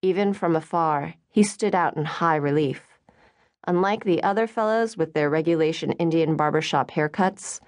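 A woman narrating an audiobook in an expressive reading voice. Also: sits low, dry recording, studio quality.

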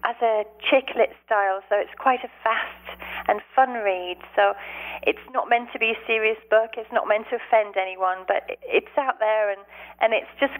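A woman's voice: on the high side, normal speed. Chatty woman author on a tinny phone line. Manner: chatty, casual. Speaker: author guest. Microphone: telephone.

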